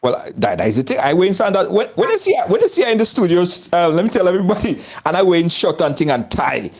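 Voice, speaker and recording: A man's voice: high-pitched, huge pitch swings, quick pace. A man from Trinidad with a Trinidadian accent, hosting a live talk show over a video call, laughing often and repeating himself. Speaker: host. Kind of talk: lively live-show chat.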